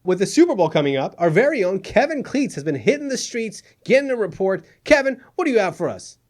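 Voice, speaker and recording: A man's voice: sits high, sing-song, quick pace. A man hosting a satirical news show, sarcastic and exasperated, often laughing at his own jokes. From Middle East. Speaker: comedy news host.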